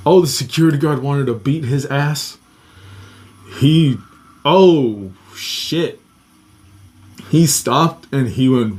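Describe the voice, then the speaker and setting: A man's voice: fairly high pitch, a little slow. Profane man telling a story. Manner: profane, restless, acts out quoted voices. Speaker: podcast host telling a personal story. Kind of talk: casual spoken storytelling.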